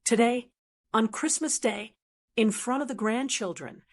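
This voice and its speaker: A woman's voice: fairly high pitch, unhurried. A woman reading the lines of a defensive middle-aged husband in a storybook, keeping her own plain voice. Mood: reproachful.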